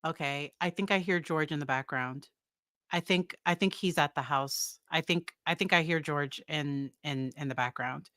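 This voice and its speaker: A woman psychologist hosts a live-stream commentary in a rather low voice. She talks conversationally, trailing off and restarting, and breaks into exasperated exclamations. The sound is close and dry. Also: normal speed, fairly bright tone, dry recording. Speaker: psychologist host.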